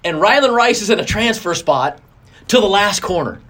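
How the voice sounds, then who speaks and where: Animated, high-pitched male racing guest. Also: moderate pace. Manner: animated, acts out quotes with big pitch jumps. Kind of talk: casual interview storytelling.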